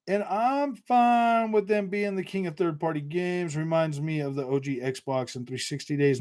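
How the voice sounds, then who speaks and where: A man's voice: fairly high pitch, darkish tone. A man hosting a casual gaming live stream, reading and answering viewer comments with jokes, laughter and lots of restarts. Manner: chatty, joking, many restarts and fillers; laughs often. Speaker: gaming channel host reading live chat.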